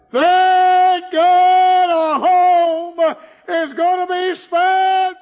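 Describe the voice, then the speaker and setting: A man preaching a folksy testimony sermon and telling his story, breaking into sudden shouts. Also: fairly high pitch. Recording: echoey hall, dull lo-fi sound.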